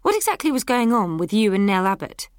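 A woman narrating an audiobook in the first person in a brisk, matter-of-fact way. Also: medium pitch, very animated, no echo, clean studio sound.

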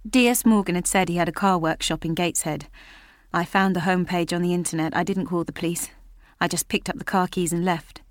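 A woman's voice: lowish voice, no echo. A woman narrating a first-person audiobook in a tense, intimate way, close to a studio mic.

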